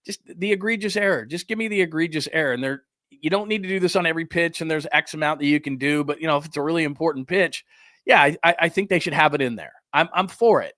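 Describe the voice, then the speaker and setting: A man's voice: on the high side, fast, sharp tone, no room sound, clean studio sound. A man hosting a sports talk show, ranting heatedly and sarcastically, mocking others with put-on quotes. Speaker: sports radio host.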